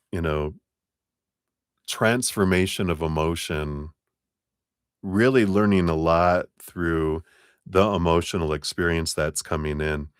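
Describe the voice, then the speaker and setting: A man's voice: deep voice, no room sound, studio quality. A man doing a live tarot reading, musing and easygoing, with many fillers and restarts. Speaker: tarot reader.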